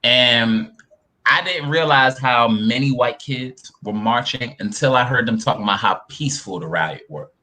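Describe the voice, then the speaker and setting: Animated, laughing man in casual chat. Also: medium pitch, moderate pace. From New York. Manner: animated, profane, laughs often, acts out quotes. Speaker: podcast co-host.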